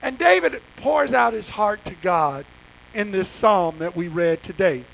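A man preaches with fervor, talking straight to his congregation in a folksy, plainspoken way. His voice sits unusually high for a man. It also carries a gravelly edge. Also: animated, measured pace, a bit bright, rough recording. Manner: impassioned, conversational preaching with folksy asides. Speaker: pastor. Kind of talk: sermon.

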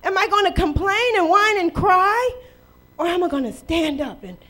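Woman preacher, very high voice, lively sermon w/ lots of questions, bit of aave. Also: moderate pace. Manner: lively preaching with rhetorical questions and playful acted quotes. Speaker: pastor.

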